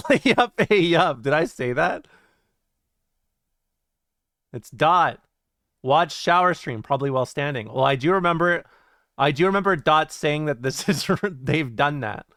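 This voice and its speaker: A man streaming and reading chat aloud, joking, laughing and swearing in quick casual banter. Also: fairly high pitch, bright, forceful tone, no room sound.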